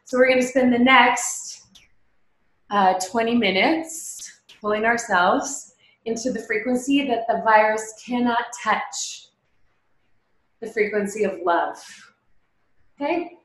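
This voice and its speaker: A woman's voice: a little high, takes it slowly, long pauses, a bit bright, reverberant, rough recording. A woman teaching a meditation class, talking casually and emphatically, with lots of rhetorical questions. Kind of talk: casual spoken talk before a guided meditation.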